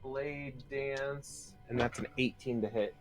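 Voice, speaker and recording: A man's voice: medium pitch, steady tone, slow pace, soft background music. A man playing a tabletop game, thinking aloud about rules and rolls in hesitant casual chat.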